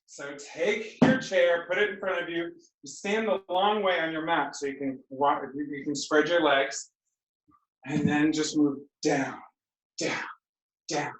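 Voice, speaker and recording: Lady teaching a workout class on a video call, slow steady counting, roomy echo. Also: lowish voice. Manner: brisk counting and cueing, playful asides. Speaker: fitness instructor. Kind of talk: live online exercise class. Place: home room on a video call. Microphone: computer mic on a video call. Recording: echoey room.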